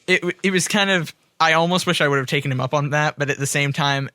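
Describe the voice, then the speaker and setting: A man's voice: a little high, fast talker, dry recording, clean studio sound. A man co-hosting a casual podcast chat, eagerly retelling his experiences and laughing often. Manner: laughs often, excited recounting. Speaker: podcast co-host.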